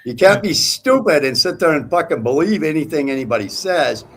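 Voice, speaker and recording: A man's voice: fairly high pitch, animated, a little fast, slight background noise. A man calling into a casual chat, blunt and scornful, ranting and swearing.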